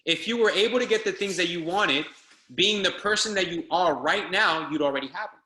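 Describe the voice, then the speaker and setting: Fired-up high-voiced male motivational coach. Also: fairly quick, bright, forceful tone, echoey room. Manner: fired-up, hammering repetition, exhorting. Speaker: online business trainer. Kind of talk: motivational speech on a group call.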